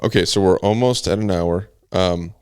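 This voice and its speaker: A man hosting a podcast in a casual interview, relaxed and asking curious follow-up questions. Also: low voice, normal speed, clear, resonant tone, no room sound, studio quality. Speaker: podcast host.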